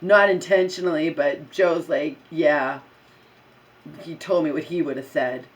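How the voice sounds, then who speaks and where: A woman's voice: sits low, a little slow, recorded from a distance, poor audio. A woman vlogger in an angry personal rant about a bad day, agitated, swearing and repeating herself.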